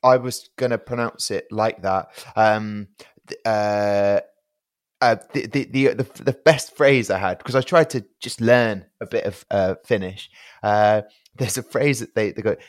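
A man's voice: fairly low pitch, measured pace, no room sound, clean studio sound. A man who is a comedian guest on a podcast, telling rambling stories and laughing often. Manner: giggly, rambling storyteller. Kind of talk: casual comedy chat.

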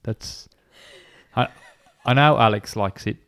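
A young man from Birmingham with a light Birmingham accent, co-hosting a casual podcast chat and talking in a chatty, self-deprecating way with halting restarts. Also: mid-range voice, a bit bright. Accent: light Birmingham English. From Birmingham, England. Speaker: podcast co-host.

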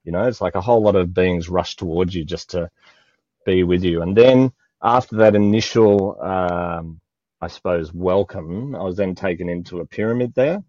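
Australian man, low-pitched, dark mellow tone, emotional, groping for words, dull dry audio. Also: moderate pace, dry recording. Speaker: guest. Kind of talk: spiritual conversation.

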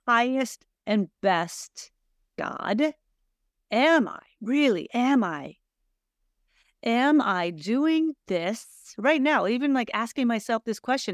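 A woman's voice: medium pitch, dry recording, studio quality. A middle-aged woman hosting her own podcast, talking in an earnest, searching way and asking her listeners many rhetorical questions. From Sweden. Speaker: podcast host. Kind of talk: reflective solo podcast monologue.

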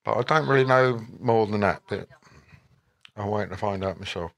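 An older man, a musician guest at a Q&A, giving relaxed and rambling answers with wry asides and frequent self-corrections. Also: on the low side, moderate pace, gravelly.

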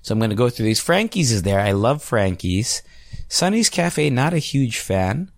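Male podcast host, 30s, chatty rambler, gravelly voice, dry close recording. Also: medium pitch, very animated, moderate pace, no room sound. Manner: rambling, chatty, swears freely. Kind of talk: casual solo podcast chat.

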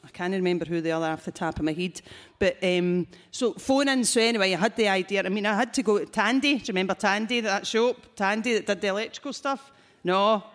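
A Scottish woman telling crude, lively comic stories on stage at a live show. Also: mid-range voice, quick pace. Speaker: comedian guest.

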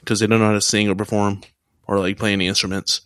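A man's voice: fairly low pitch, flat delivery, fast, fairly bright tone, clean tone, no echo. Young man chatting casually, dry sound. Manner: rambling, lots of "like" fillers. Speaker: podcast co-host. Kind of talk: casual chat.

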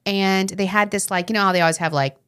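A woman's voice: quick pace, clear, resonant tone. A woman co-hosting a podcast in a studio, chatting casually and acting out what other people said as she tells stories. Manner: animated storyteller, acts out quotes in a high voice. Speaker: podcast co-host. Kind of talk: casual chat.

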